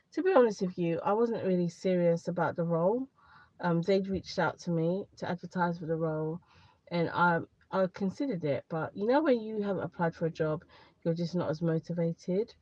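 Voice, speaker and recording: A career advice livestreamer chats casually with viewers in a warm, lowish voice, offering candid advice in a loose, rambling way and often saying things twice. The sound is dry and a bit dull with no echo, like a phone or laptop mic.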